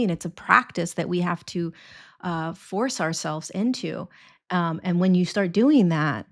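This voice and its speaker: Woman guest, 40s, lowish voice, lively, chatty delivery that jumps into quoted voices. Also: a little slow. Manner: animated, acts out quoted voices, laughs often, many restarts. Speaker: podcast guest. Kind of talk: casual interview talk.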